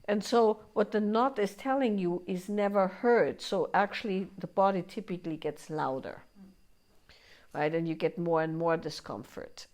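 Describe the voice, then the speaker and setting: Low-voiced woman teaching a workshop. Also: a little mellow. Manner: conversational, keeps asking "right?"; acts out inner voices in quoted asides. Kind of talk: live workshop talk.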